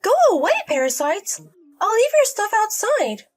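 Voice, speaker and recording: A woman voicing a bossy, spiteful pregnant young sister-in-law who yells insults in a storybook. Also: very high-pitched, big pitch swings, normal speed. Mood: scornful. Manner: scornful, yelling insults.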